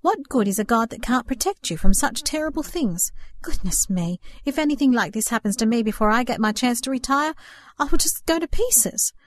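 A woman's voice: on the high side, big pitch swings, normal speed, hardly any pauses, no echo. A woman voicing a tearful, fretful middle-aged aunt in a storybook reading, exclaiming in distress.

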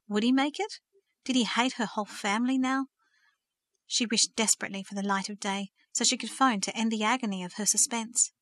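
Woman storyteller, bright and clear, close dry mic, steady earnest read. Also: mid-range voice, dry recording. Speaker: audiobook narrator. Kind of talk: scripted narration.

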